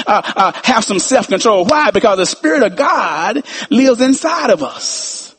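A man preaching a sermon in an animated style, repeating phrases and acting out quoted voices. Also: high-pitched, slightly rough.

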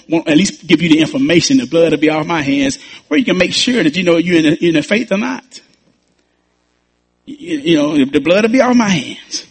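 Husky pastor preaching emphatically. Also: male voice, fairly high pitch. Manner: emphatic preaching with repeated phrases and stammered restarts. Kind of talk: sermon.

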